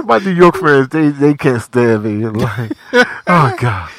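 A man's voice: a little high, lively intonation, a little slow, a bit bright. A man co-hosting a casual music show, joking and bantering with repeated slang. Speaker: radio show co-host. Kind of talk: casual chat.

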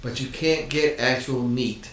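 Halting man in a very echoey room. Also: medium pitch, a bit bright, a little hiss or hum. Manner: halting, searching for words. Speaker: podcast co-host. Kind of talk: casual chat. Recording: very echoey room, distant mic.

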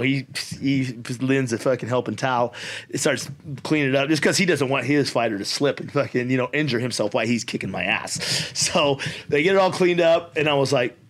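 A man's voice: mid-range voice, moderate pace. A man telling a fight story in a casual podcast chat, swearing constantly and laughing as he goes. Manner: profane, animated storyteller with laughter. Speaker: podcast guest.

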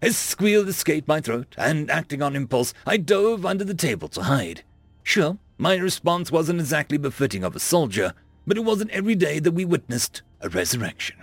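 Casting note: male audiobook narrator, gravelly, lively delivery, dry close sound, faint music under. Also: fairly high pitch, moderate pace, no room sound. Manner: wry, conversational storytelling. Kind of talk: first-person sci-fi narration.

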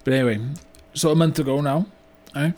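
Rambling british bloke, older car yard owner, keeps saying right? and you know, talks fast, a man acting it. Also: a little high, steady tone, darkish tone, lightly acted. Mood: rueful. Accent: British English. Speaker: business owner telling a story. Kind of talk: mock-documentary comedy monologue.

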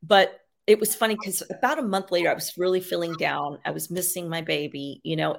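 With a lowish voice and vocal fry, a woman appears as a guest in a casual storytelling interview. She is an animal communicator and medium, and her stories ramble casually, packed with fillers and repeated "you know."

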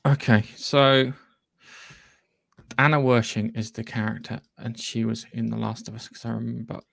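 A man's voice: mid-range voice, fairly even intonation, normal speed, vocal fry, a bit bright, no echo. A man co-hosting a podcast in a casual, sweary, rambling chat. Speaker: podcast co-host.

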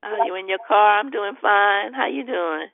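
A woman leading a prayer call over the phone, praying fervently, greeting callers warmly and laughing often. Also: medium pitch, vocal fry, no room sound. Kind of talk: prayer and devotional teaching on a call. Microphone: phone on a conference call. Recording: tinny phone line.

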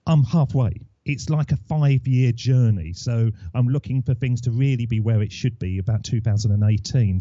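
Guy in his 40s, chatty guest storyteller, mellow voice, dull dry line. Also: mid-range voice, no echo. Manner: rambling storyteller. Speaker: podcaster, guest. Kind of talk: casual interview chat.

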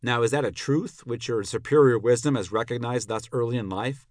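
A podcast narrator performs a dramatic reading of a classical dialogue, voicing an elderly philosopher on trial who probes his accuser with pointed, rhetorical, ironic questions. His medium-pitched, darkish voice moves a little fast, lightly acted, with a probing, indignant mood. The studio-quality recording has no echo.

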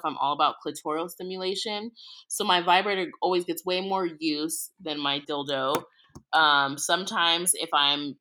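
A woman's voice: deep voice, pushed and bright, poor audio. A woman guesting on a podcast, talking bluntly and frankly in casual chat.

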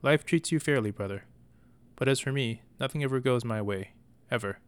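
A man's voice: medium pitch, normal speed, smooth, natural voice. A man voicing an anxious, sulky young brother of a knight who whines and hesitates. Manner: whiny, hesitant, fearful.

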